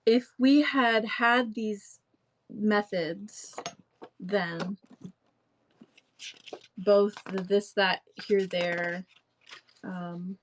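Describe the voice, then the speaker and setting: Slow, rambling young woman host. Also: mid-range voice, steady tone, a little hiss or hum, low-quality recording. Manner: rambling, full of fillers and restarts. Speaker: live-stream host. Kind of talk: casual live-stream chat.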